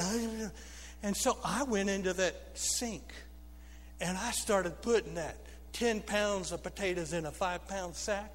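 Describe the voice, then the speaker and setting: Man, pastor, high pitch, preaching to a congregation, reverberant church sanctuary. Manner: storytelling preacher, humorous asides to the congregation. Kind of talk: sermon. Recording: long reverb of a church hall.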